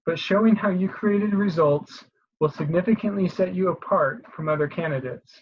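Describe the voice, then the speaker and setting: A presenter giving an instructional voice-over, explaining each step steadily and clearly with a few small restarts. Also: mid-range voice, normal speed, muffled recording. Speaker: career advice presenter.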